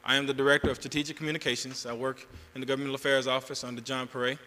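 Bright Southern man speaking in a hall. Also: medium pitch, little pitch movement, rapid-fire. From Georgia, US South. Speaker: national representative giving a convention address. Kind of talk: speech at a convention. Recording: long hall reverb.

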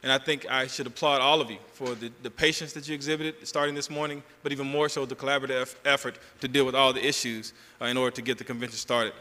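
A man with a Southern US accent, from Georgia, giving an energetic convention speech with a preacherly lilt. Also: mid-range voice, quick pace, hardly any pauses. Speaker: national representative giving a convention address. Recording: long hall reverb.

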